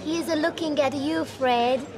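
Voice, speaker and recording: Brief: a polite Thai visitor, broken English with a Thai accent, high, very slow. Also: female voice, over music. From Thailand. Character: polite young Thai woman visitor, earnest. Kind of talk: TV soap drama acting.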